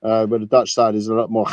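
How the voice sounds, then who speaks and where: A man's voice: fairly low pitch, completely flat delivery, moderate pace, a crowd in the background. A man in a casual online chat giving blunt opinions on accents. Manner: blunt, swears while impersonating.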